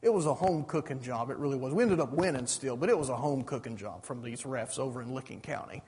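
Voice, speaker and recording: A man's voice: mid-range voice, fast, a little mellow, breathy edge. A middle-aged man preaching a sermon, pressing his points with rhetorical questions and asking "you understand that?". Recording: reverberant hall.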